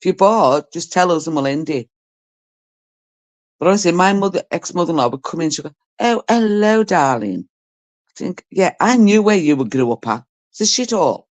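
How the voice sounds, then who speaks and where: A woman's voice: on the low side, animated, fairly quick. A middle-aged woman from Britain hosting a live stream, telling stories in casual chat and mimicking the people in them. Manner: chatty and storytelling, mimicking people she talks about.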